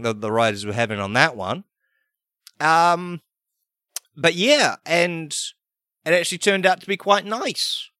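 Rambling deadpan Kiwi man. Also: fairly high pitch, no room sound, studio quality. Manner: rambling, deadpan, full of fillers and restarts. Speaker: podcast host. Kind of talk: improvised comedic monologue.

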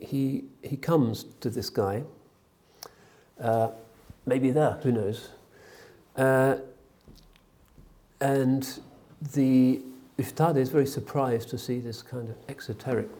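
Gravelly man telling a story. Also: medium pitch, mellow. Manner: hesitant, with frequent fillers; drops in phrases of another language. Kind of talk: spoken storytelling talk.

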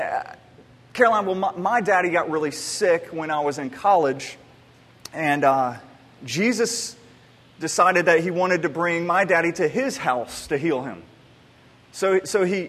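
A pastor in his thirties preaches a sermon, telling stories loosely and conversationally with many restarts. His voice is high and a bit bright, and a long hall reverb surrounds it.

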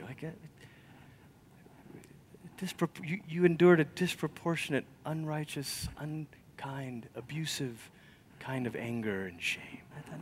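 A man preaching a sermon, telling stories conversationally and swinging from loud emphasis to near whispers. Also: medium pitch, normal speed, a little hiss or hum. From Malaysia. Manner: storytelling, conversational. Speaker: pastor.

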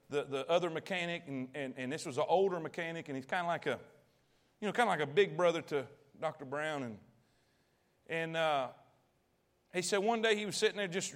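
A high-pitched male pastor preaches a sermon, telling a story in a folksy, colloquial style. He swings between loud and hushed and puts questions to the audience.

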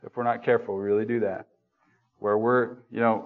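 A man's voice: on the low side, level tone, brisk, phone-quality sound. A man preaching a sermon in a church room, talking conversationally, asking the congregation questions and joking at his own expense. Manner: self-deprecating humor.

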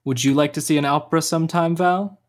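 A young actor playing a tired, gentle uncle in a radio drama, patient but quick to flare. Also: male voice, on the high side, steady tone, close to an everyday voice. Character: uncle Gio, weary, tender, short-tempered.

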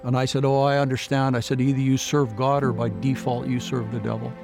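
A man with a gravelly, creaky voice gives a personal testimony in an interview. He retells old conversations earnestly, tagging each line with "I said." Faint music plays softly underneath. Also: medium pitch, flat delivery, brisk. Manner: earnest storytelling, retelling dialogue with many "I said" tags. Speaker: guest sharing his faith story.

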